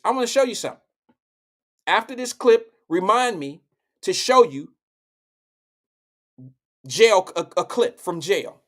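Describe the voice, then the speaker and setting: Blunt, profane man with a high voice. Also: animated, measured pace, pauses often, fairly bright tone. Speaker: live show host. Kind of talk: political commentary.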